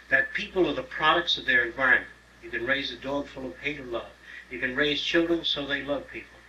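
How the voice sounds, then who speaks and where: A man's voice: mid-range voice, sharp tone. Blunt, profane older man lecturing. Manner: blunt, profane, acts out other people's voices. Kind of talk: informal lecture to an audience. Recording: roomy, distant mic, faint hiss on an old tape.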